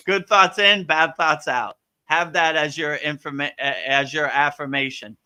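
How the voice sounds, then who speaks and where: A man with a strikingly bright, forceful voice and a fairly high pitch leads a live-stream Q&A as a spiritual teacher. He talks casually and with animation, checking in with "you know?" and "right?" and acting out little voices to make his point. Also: unhurried, clear, resonant tone. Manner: acts out voices playfully.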